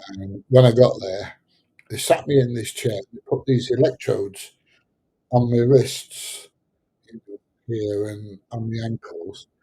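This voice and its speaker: A middle-aged man chats casually on a livestream. His voice is mellow and a little husky, and he rambles along, pausing often on fillers as he answers his viewers. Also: fairly low pitch, fairly even intonation, low-quality recording. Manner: rambling and hesitant, many fillers. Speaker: livestream host answering chat.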